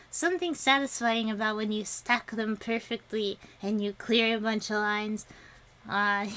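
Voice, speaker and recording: A woman's voice: on the high side, fairly bright tone. A young woman streaming to viewers and chatting casually, laughing often and rambling with many restarts. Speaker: vtuber streamer.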